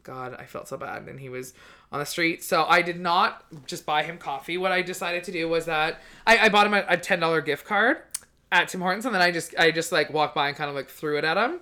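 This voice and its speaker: Bright-voiced sarcastic woman chatting. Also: on the low side, fairly quick. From British Columbia, Canada. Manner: chatty and sarcastic, swears freely. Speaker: comedian, podcast co-host. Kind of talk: casual chat.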